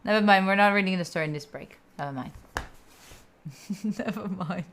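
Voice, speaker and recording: Background noise runs beneath a mid-range voice at a moderate pace. It belongs to a young woman from Italy, accent audible, who hosts a study livestream and playfully chats with viewers, giggling as she reads their comments between sessions.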